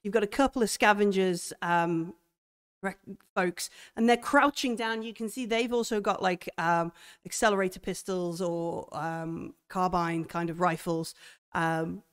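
A woman game master describing a horror scene in a tabletop game, halting as she goes. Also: fairly low pitch, steady tone, clear, resonant tone. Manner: halting, full of fillers and restarts.

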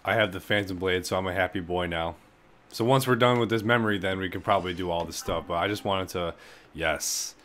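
Let's-player: young guy, low voice, loose and profane, with clear background hiss. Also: a little fast. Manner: casual, profane, excitable. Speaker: gaming commentator. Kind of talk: casual let's-play commentary.

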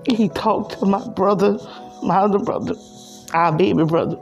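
Woman crying thru a vlog, halting, gravelly voice, faint music behind. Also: mid-range voice, a little mellow. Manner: tearful, halting, repeats herself. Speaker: vlogger. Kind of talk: emotional personal vlog.

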